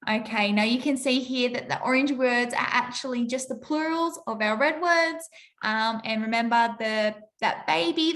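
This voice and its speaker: A woman's voice: on the high side, fairly bright tone. Woman teacher explaining spelling to kids. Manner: clear, patient explaining with example sentences. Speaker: primary school teacher. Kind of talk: recorded spelling lesson for young children.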